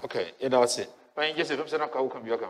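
A man from Ghana moderating a church Bible lesson panel, briskly handing the floor to others. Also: mid-range voice, slight background noise. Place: church sanctuary during a livestreamed service. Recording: echoey church hall.

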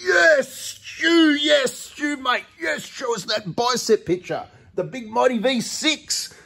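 A man voicing a gushing male car fan in a shrill, mocking cheer. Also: slow, creaky, fairly bright tone, exaggerated voice.

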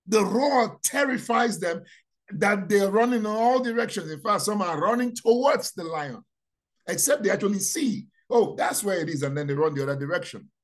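High-voiced male preacher, dramatic swings. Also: expressive, normal speed. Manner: dramatic, swings from low asides to loud proclamations; repeats phrases, asks rhetorical questions. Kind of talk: sermon.

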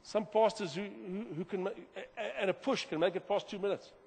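A man preaching a sermon as pastor, animated, repeating words and swinging from loud to quiet. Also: sits high, brisk, creaky, breathy edge. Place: church hall. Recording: long hall reverb.

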